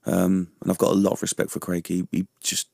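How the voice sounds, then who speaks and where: A man's voice: sits low, monotone, a little fast, creaky, dark tone, no echo, clean studio sound. A man, a veteran guest in a radio interview, who talks chattily, laughs often and keeps asking "you know what I mean?". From London. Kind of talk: casual interview chat. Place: radio studio.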